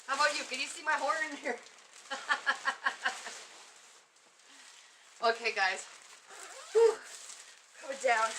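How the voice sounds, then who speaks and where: Giggly lady on a livestream reading out comments, high bright voice, slow easy talk. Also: slight background noise. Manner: giggly, reads viewer comments aloud. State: muffled inside an inflatable costume at times. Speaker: psychic livestream host. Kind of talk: casual livestream chat.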